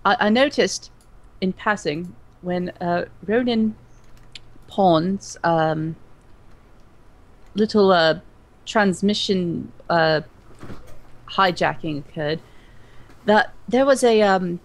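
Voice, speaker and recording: A woman co-hosting a livestream in casual chat, talking haltingly with many fillers and restarts. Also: lowish voice, low-quality recording. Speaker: stream co-host.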